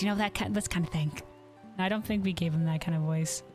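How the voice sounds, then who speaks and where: A woman's voice: mid-range voice, lively intonation, normal speed, faint music behind. A woman streamer chatting casually over her gameplay, giggly and self-deprecating.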